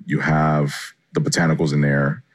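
Super deep voiced guy, chef chatting excitedly in an interview. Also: normal speed. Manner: enthusiastic, loose and chatty. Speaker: chef and guest. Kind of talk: casual interview answers.

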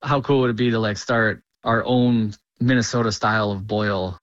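A man's voice: fairly low pitch, fairly even intonation, moderate pace, no room sound. A man, a chef, speaking casually and with enthusiasm in interview clips. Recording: dull, dry lo-fi sound.

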